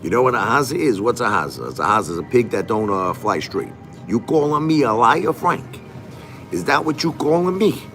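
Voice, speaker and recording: A man's voice: mid-range voice, sing-song, fairly quick, a bit bright, soft background music. A man voicing a menacing male gangster boss from a film, taunting him with accusing questions.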